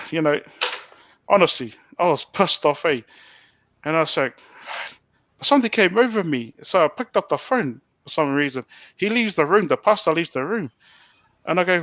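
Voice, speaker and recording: A man telling a personal story as a podcast guest, animated, stumbling over restarts and swearing bluntly. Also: high-pitched, normal speed, long pauses, dry recording. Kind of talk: personal storytelling in a casual interview. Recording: dull lo-fi, dry sound.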